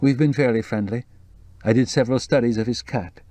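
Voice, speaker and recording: A man reading the part of a jumpy, anxious young woman with a low, breathless voice in an audiobook. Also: brisk, dark tone, dry recording, close to an everyday voice. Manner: nervous, jumpy, worried.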